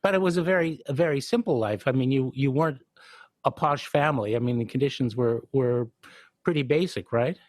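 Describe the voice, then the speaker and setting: A man's voice: mid-range voice, fairly quick, no room sound, clean studio sound. A man hosting an interview, giving an enthusiastic, admiring introduction and asking questions. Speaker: host.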